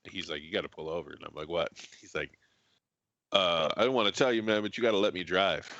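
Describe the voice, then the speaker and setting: A podcast co-host tells an anecdote in blunt, profane, laid-back chat. His voice sits very low yet sharp-edged, and the recording is dry and slightly dull. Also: quick pace, no echo. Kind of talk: casual chat, telling an anecdote. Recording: dry, slightly muffled mic sound.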